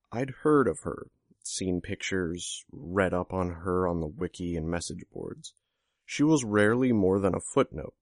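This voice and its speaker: A man narrating first-person fiction in a steady, measured reading style. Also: low-pitched, no echo, studio quality. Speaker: audiobook narrator.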